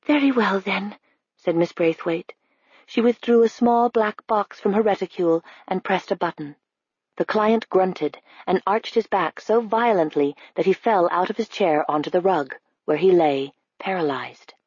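A woman reading a novel aloud as narrator, in an even, measured way. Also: fairly low pitch, breathy edge, no room sound, muffled recording. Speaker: audiobook narrator. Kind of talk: scripted narration.

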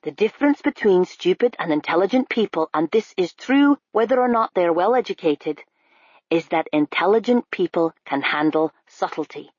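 A woman's voice: lowish voice, lively intonation, normal speed, darkish tone, slightly rough, no echo, dull audio. A woman doing a blunt constable. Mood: earnest lecturing. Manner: blunt, lecturing, sneering at times. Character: gruff older male Scottish constable, blunt teacher. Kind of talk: audiobook character voice.

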